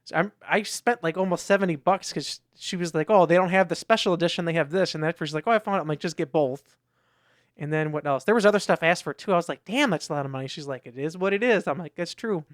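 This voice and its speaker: Fast-talking man, rambling story. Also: a little high, dry recording, studio quality. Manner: rambling storytelling with many restarts and acted quotes. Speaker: podcast co-host. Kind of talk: casual chat.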